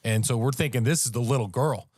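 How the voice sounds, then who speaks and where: A man, a podcast co-host, telling a story in casual, animated talk and raising his voice at the tense moments. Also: medium pitch, fast talker, no echo, clean studio sound. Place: podcast studio.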